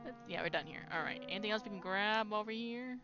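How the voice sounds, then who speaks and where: A woman streaming a game, chatting casually with animated exclamations. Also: medium pitch, fast talker, dull audio, music in the background.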